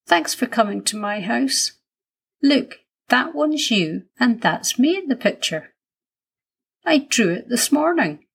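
A shy, friendly little boy shows off his toys, as a woman voices him. The voice is lifted above her own, soft and breathy, with slow storybook pacing. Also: fairly high pitch, big pitch swings, pitched above the performer's own voice, exaggerated voice.

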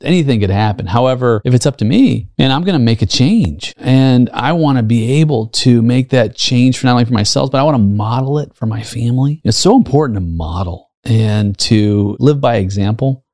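A gravelly man in his fifties hosts a solo podcast and speaks earnestly, drawing on personal stories and asking his listeners rhetorical questions. His pitch sits in a middle range, and the recording is dry and close. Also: brisk, hardly any pauses, darkish tone, no echo. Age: 50s. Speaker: podcast host. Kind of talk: solo leadership podcast monologue.

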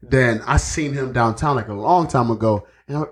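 A man's voice: medium pitch, fast talker. A man co-hosting a podcast, telling a story in casual chat, laughing often and acting out the quotes. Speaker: podcast co-host.

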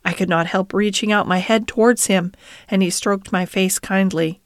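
Woman audiobook narrator, mid pitch, gentle storytelling, dry close recording. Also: fairly even intonation, normal speed, no echo. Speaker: audiobook reader. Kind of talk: scripted narration.

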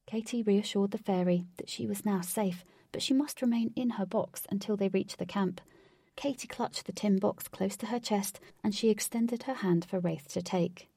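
Woman reading a story aloud, bit gravelly, dry sound, slightly off mic. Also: medium pitch, moderate pace, warm tone, no room sound. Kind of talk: storybook narration.

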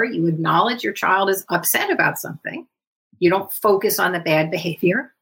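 A woman psychologist speaking as a guest in a podcast interview, explaining in a measured, instructive way. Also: lowish voice, fairly bright tone.

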